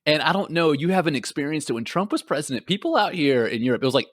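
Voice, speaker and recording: With a fairly high voice and a quick pace, a man from Houston, Texas, joins a casual podcast remotely from Amsterdam, where he lives. The audio is clean studio quality with no room sound, and he tells animated stories, laughing often and performing quotes.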